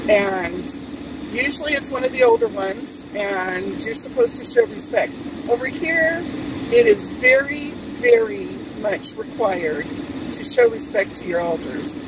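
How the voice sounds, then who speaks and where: Slow, chatty woman with a Hawaiian lilt. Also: fairly high pitch, wildly swooping pitch, distant mic. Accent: Hawaiian Pidgin-tinged. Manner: chatty, meandering storytelling. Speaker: vlog host. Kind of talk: casual vlog chat. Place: in a car with air conditioning. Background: car air conditioning and traffic.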